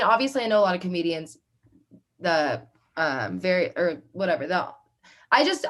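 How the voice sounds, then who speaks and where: A woman's voice: lowish voice, fairly bright tone. A young adult woman interviewing a guest, hesitant and full of restarts, laughing often. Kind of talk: casual interview chat.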